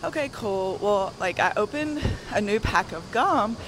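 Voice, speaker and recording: A young woman with a soft Southern accent, a bit out of breath, telling a rambling story on a treadmill in a gym. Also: mid-range voice, expressive, a little slow, noisy background. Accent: Southern American. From American South. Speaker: guest. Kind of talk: casual storytelling.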